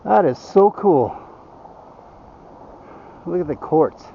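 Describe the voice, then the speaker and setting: A man's voice: a little high, expressive, takes it slowly, vocal fry, muffled recording, a little hiss or hum. An older man rambling in a folksy way, chatting casually to his viewers on a road-trip vlog. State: out of breath. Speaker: van-life vlogger. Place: outdoors in the mountains.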